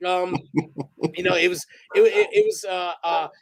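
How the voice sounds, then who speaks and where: A man with a fairly high voice tells loose, rambling stories as an interview guest. He swears freely, restarts his sentences and laughs along the way. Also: steady tone, normal speed, gravelly. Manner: rambling, profane, laughs while telling stories. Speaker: interview guest, photographer and director. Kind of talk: casual storytelling interview.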